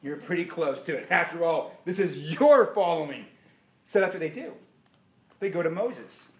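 A man preaching a sermon, animated and firing rhetorical questions at his listeners. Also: on the high side, moderate pace. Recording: echoey room.

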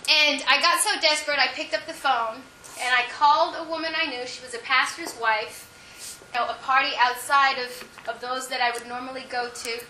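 A woman's voice: high voice, steady tone, a little fast, sharp tone. A woman sharing a testimony in a sermon, telling her story emphatically. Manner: emphatic storytelling, with frequent laughs. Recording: echoey room, speaker far from the mic, faint noise.

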